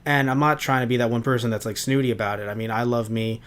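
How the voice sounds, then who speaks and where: A man of middle pitch co-hosting a review podcast. He talks in a casual, rambling way, full of restarts and asides. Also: fairly even intonation, fast talker, background noise. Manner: rambling, with many restarts and "you know". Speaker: podcast co-host.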